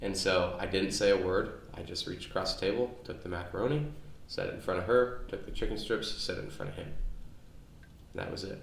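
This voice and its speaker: Low-voiced man telling rambling stories. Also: fairly quick, vocal fry, a little hiss or hum. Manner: rambling anecdotes with many restarts. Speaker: podcast co-host. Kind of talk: casual storytelling chat. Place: on location near his home. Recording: echoey on-location recording with faint ambience.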